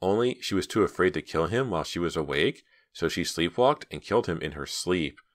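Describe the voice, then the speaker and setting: A man's voice: low-pitched, expressive, brisk, no echo, studio quality. A man voicing a playful, nosy teenage girl in an audiobook, in a raised, chatty voice. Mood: teasing.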